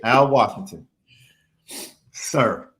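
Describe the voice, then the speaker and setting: Here a male sports podcast co-host speaks very slowly in a medium-pitched, expressive, slightly bright voice. His animated talk is emphatic, with repeated phrases used for effect.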